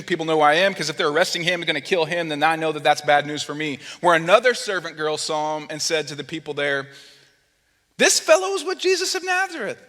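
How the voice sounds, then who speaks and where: A man preaching a sermon in a church, his voice sitting a little high for a man. He tells the story with life, putting on the voices of the people in it, then drops low and quiet when the point turns serious. A long hall reverb trails after his words. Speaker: pastor. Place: church sanctuary.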